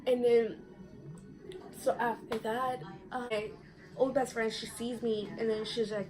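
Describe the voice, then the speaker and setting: Animated young woman telling a storytime. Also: on the high side, measured pace, over music, low-quality recording. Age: young adult. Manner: animated, profane, reenacts quotes. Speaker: vlogger. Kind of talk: casual storytime.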